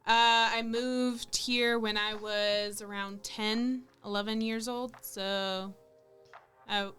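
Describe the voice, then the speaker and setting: A 23-year-old woman from California in a casual chat, speaking slowly and drawing out her words with fillers. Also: a little high, fairly even intonation, a bit bright, faint music behind. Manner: slow and drawn out, with fillers. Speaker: podcast guest.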